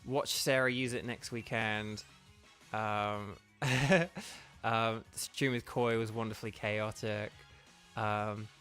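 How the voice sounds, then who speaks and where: Bright-voiced chatty male game streamer. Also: medium pitch. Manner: chatty, digressive, reads chat aloud. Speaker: gaming streamer and voice actor. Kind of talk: casual live-stream commentary.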